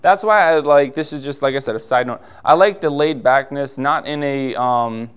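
A male pastor preaching a sermon in a laid-back, conversational way, full of rhetorical questions and quick asides. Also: medium pitch, clean tone.

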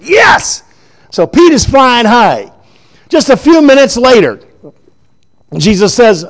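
Animated high-pitched male preacher. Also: unhurried, long pauses. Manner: animated, chuckling storytelling. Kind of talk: sermon.

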